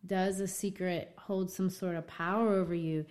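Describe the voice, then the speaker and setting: A woman in a casual book discussion, retelling the story in an animated way. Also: fairly low pitch, moderate pace. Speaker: co-host discussing a novel.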